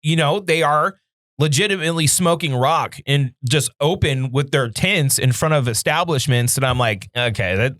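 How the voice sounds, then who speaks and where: A man's voice: a little high, normal speed, fairly bright tone, no room sound, clean studio sound. A young man from California with a Californian accent, co-hosting a podcast in casual chat, rambling and swearing as he tells stories. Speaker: podcast co-host.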